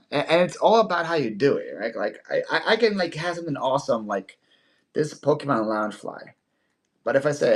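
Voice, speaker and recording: A man hosting a casual livestream sale, playful and quick to laugh, often stammering and repeating words. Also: medium pitch, lively intonation. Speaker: live online seller host.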